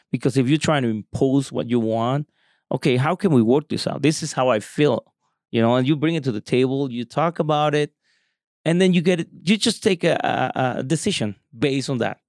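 A man's voice: medium pitch, a little mellow, no room sound, studio quality. A middle-aged married man earnestly giving advice in a casual chat.

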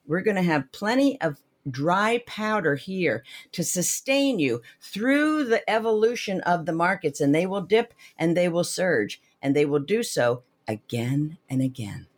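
Lively woman, financial advisor. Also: lowish voice, a little slow, few pauses. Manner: energetic, uses everyday analogies. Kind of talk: animated interview talk.

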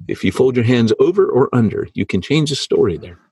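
A man's voice: mid-range voice, lively intonation, fairly quick, a little mellow, husky, no room sound. A man co-hosting a podcast, chatting casually and teasing his co-host. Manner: joking, teasing banter. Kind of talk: casual chat. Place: home under renovation, drywalling.

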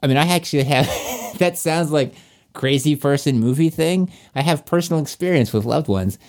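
A man's voice: fairly high pitch, normal speed, a little mellow. A man talking casually and frankly as a podcast co-host, rambling with many restarts and blunt, profane asides. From Virginia. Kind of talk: casual chat.

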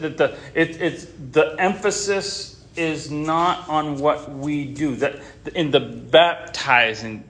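A man's voice: fairly high pitch, a bit bright. A man teaching a Bible class in an informal way, often stopping short, restarting and repeating words as he talks.

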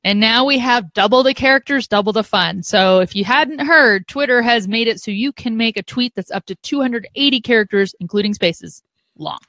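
A woman's voice: on the high side, fairly bright tone, no echo. A woman co-hosting a live video show, chatting casually and playfully with her co-host and viewers. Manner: playful and chatty, quick to joke. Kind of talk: casual live-stream chat.

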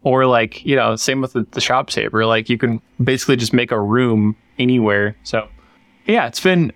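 A man co-hosts a podcast from a workshop, chatting casually and rambling with lots of fillers and restarts. His voice is medium-pitched and a bit bright at normal speed, with no echo.

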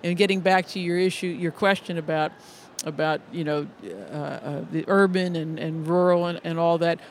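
Speaking at a normal pace with a steady tone, a middle-aged man with a distinctly high voice recounts stories as a music educator being interviewed. He is earnest, often restarting and repeating himself, while faint noise hums in the background.

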